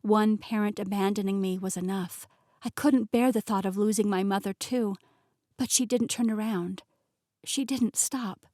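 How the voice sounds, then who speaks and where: A woman narrating a novel in the first person, telling the story in an expressive, emotionally engaged way. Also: medium pitch, normal speed, dry recording, clean studio sound. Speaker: audiobook narrator.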